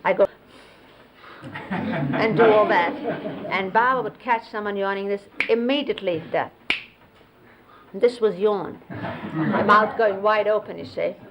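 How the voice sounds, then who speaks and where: Slow, unhurried woman telling old stories. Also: mid-range voice, highs cut off, background noise. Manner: unhurried, explains and demonstrates hand gestures. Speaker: close companion recounting memories of a spiritual teacher. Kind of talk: reminiscing storytelling. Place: 1970s videotaped sit-down interview.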